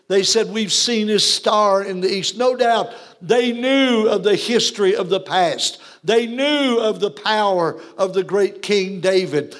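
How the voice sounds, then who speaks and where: A man's voice: sits high, a bit bright. A man preaching a Christmas sermon, quoting scripture and adding frequent amens as he addresses viewers. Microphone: broadcast to viewers.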